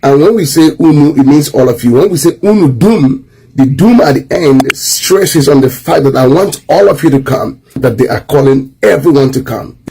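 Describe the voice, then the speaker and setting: A man from Nigeria, explaining words in an animated, amazed way. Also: a little high, normal speed, gravelly, slight background noise, poor audio. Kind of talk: casual talking-head explainer.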